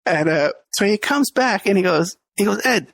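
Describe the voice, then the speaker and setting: A man's voice: sits high, lively intonation, moderate pace, gravelly, a bit bright, no room sound. A middle-aged man, the podcast host, telling a story in a casual interview, laughing often and acting out the people he quotes.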